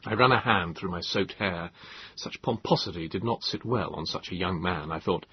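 A man narrating an audiobook in first person, with a measured storytelling delivery. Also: sits low, husky, no echo. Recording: dull lo-fi, dry.

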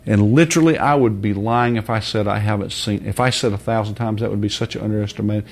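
A man preaching an informal sermon in a blunt, folksy way with mild swearing, dropping low and soft, then rising to high, loud shouts. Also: quick pace.

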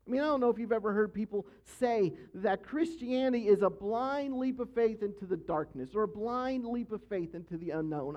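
A man's voice: high-pitched, a little mellow. A man preaching a sermon as pastor, teaching earnestly and emphatically and repeating his key points. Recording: dull, lo-fi sound.

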